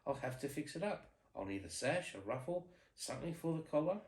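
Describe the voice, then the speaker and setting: A man voicing a gentle, dreamy young girl in a bedtime storybook reading. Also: fairly high pitch, very animated, brisk. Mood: hopeful. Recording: echoey room.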